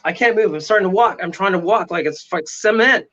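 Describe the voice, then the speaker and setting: High-voiced man telling a story dramatically. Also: a little fast, a bit bright. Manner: dramatic, acts out voices and sounds. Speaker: paranormal investigator guest. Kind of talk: animated storytelling. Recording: dull lo-fi audio.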